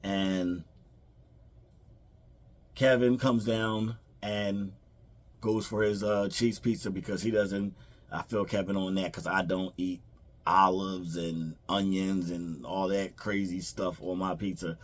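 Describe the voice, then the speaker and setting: Man, low voice, casual movie review, rambling, lots of fillers. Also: flat delivery, takes it slowly. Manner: rambling, many fillers and restarts, quotes characters.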